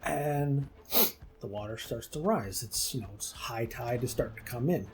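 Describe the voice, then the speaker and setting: Laid-back gamer guy telling a myth, rambly, warm low tone. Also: normal speed. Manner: rambling, many fillers. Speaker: gaming channel host. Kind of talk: casual myth retelling over gameplay.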